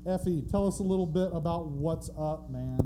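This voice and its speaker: A man's voice: fairly high pitch, normal speed, background noise. A man co-hosting a live podcast on a theatre stage, asking questions in a jokey, upbeat way. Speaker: co-host.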